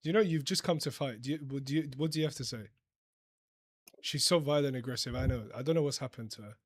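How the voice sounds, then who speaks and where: A man's voice: medium pitch, fast talker. A man hosting a casual debate livestream, teasing and laughing often, talking over his callers, with an accent that is not American. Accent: non-American. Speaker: livestream host.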